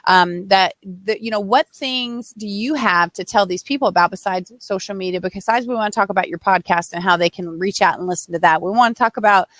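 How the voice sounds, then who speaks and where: A woman's voice: mid-range voice, brisk, few pauses, a bit bright, dry recording. A woman hosting an interview show, effusive and emotional, laughing and reacting with feeling. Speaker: show host. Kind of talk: casual interview chat.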